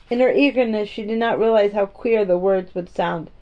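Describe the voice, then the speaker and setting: Mellow-voiced woman reading a story. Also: on the high side, moderate pace, few pauses. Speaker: narrator. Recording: dull, muffled audio.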